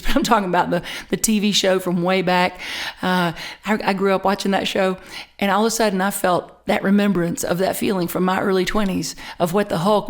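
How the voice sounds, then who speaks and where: A middle-aged woman minister preaching a sermon, telling a personal story with lively, animated delivery and frequent repeats and restarts. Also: medium pitch. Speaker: spiritual community minister.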